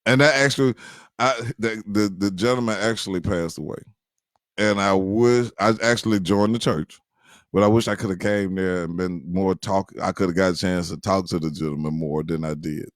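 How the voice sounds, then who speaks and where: Animated man telling a funny story. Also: deep voice, normal speed, no echo, clean studio sound. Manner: animated, addresses listeners directly, many fillers. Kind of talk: casual storytelling to viewers.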